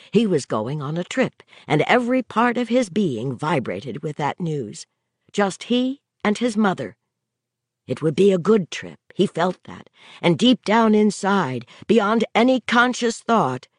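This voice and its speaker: A man narrating an audiobook in a measured, unhurried storytelling manner. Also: high voice, no echo, clean studio sound. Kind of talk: scripted narration.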